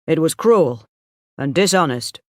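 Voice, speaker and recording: A woman reading the lines of a steady, honest young male shepherd, speaking calmly and plainly. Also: deep voice, measured pace, no room sound. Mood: firm. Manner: calm, firm and plain.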